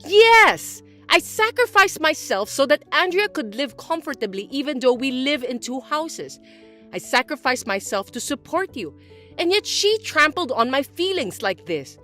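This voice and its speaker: A woman voicing a scheming, self-pitying older mother-in-law who talks in a shrill, accusing whine. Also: big pitch swings, normal speed, bright, forceful tone, soft background music, heavily acted. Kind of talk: dubbed drama acting.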